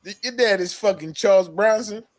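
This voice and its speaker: A man co-hosting a casual podcast, reacting with loud, incredulous, profane comments. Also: high voice, brisk, no room sound. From Philadelphia. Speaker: podcast co-host. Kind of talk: casual chat.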